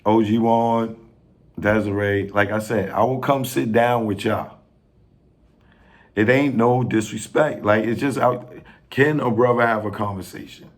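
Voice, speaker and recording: A man in a casual rant to camera, pleading and joking, with slang and sudden rises in pitch when he gets worked up. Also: fairly even intonation. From New York. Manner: slow, pleading, street slang, laughs at own jokes, pitch jumps when worked up. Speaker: filmmaker addressing industry figures.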